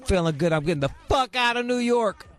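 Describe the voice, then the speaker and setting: A man's voice: very high-pitched, animated, a little fast, faint music behind. A man hosting a radio show, talking in a crude, brash, rambling way. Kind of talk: casual uncensored radio chat. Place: radio studio.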